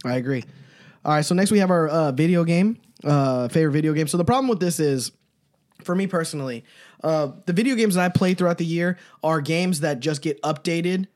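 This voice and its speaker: A podcast co-host in relaxed casual chat, answering quickly and agreeably. The talk is thoughtful and easygoing, at an ordinary middle pitch.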